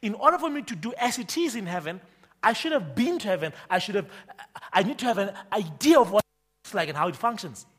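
A man pastor preaching a sermon, emphatic and forceful, constantly quizzing the congregation with repeated questions. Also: sits high, big pitch swings, brisk, breathy edge.

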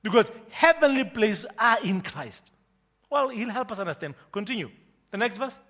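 A man pastor preaching a sermon, emphatic and forceful, constantly quizzing the congregation with repeated questions. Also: sits high, sing-song, moderate pace.

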